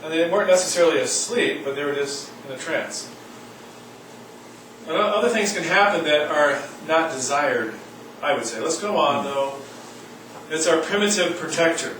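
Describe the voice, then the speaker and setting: A man's voice: fairly high pitch, animated, moderate pace, fairly bright tone, a little hiss or hum. A man giving a college lecture, reading aloud and adding wry comments. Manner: reads aloud and comments wryly. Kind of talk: classroom lecture. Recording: echoey room from far off.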